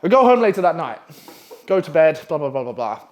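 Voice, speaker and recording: A young man in his twenties tells a long story to the camera in a casual, swearing, animated way. His voice sits a bit high for a man, and he rambles with plenty of "like" and "anyway". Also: brisk, dull audio. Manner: profane, animated, rambling with frequent fillers.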